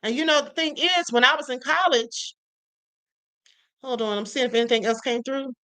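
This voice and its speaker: Bright, high-voiced woman streaming commentary. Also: moderate pace. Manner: emphatic, addresses chat directly. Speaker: live stream host.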